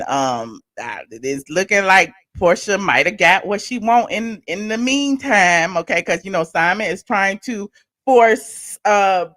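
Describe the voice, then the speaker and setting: A woman hosting a casual live stream, chatty and animated, her voice swinging between loud bursts and soft asides. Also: on the low side, dry recording, studio quality.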